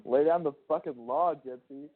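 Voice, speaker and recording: A man's voice: on the high side, normal speed. A man chatting affectionately over a phone line, laughing often and swearing heavily. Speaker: caller on a prison phone call. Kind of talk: casual phone chat. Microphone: telephone.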